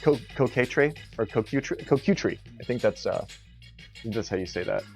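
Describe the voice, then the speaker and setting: A man's voice: medium pitch, expressive, normal speed, gravelly, soft background music. A young man hosting a live-streamed game tournament, rambling casually, joking and laughing often between his words.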